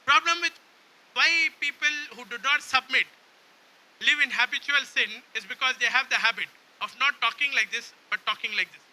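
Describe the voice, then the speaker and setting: A man's voice: very high voice, moderate pace, sharp tone. A man preaching a sermon, drawing call-and-response from the congregation and repeatedly asking if they understand. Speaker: pastor.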